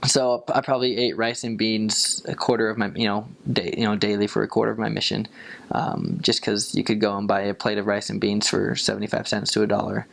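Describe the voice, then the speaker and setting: Young man with a gravelly voice. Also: a little fast. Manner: relaxed, many fillers, jumps up in pitch for quoted voices. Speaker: returned missionary. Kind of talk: casual storytelling.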